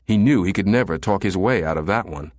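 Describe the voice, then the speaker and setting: A man narrating an audiobook in a steady, measured reading. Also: deep voice, dry recording, clean studio sound. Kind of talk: scripted narration.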